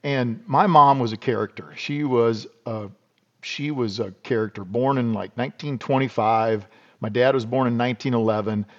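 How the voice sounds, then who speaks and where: A man's voice: mid-range voice, moderate pace, dull audio. A middle-aged man from South Dakota, a podcast guest telling rambling, folksy stories in a casual interview. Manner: rambling, folksy, restarts and repeats words.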